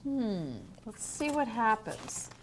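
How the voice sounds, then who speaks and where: A woman teacher reading a picture book aloud to young children in a home learning video, gentle and asking the listener questions. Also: a little high, very animated, slow, a little hiss or hum. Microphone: home video recording.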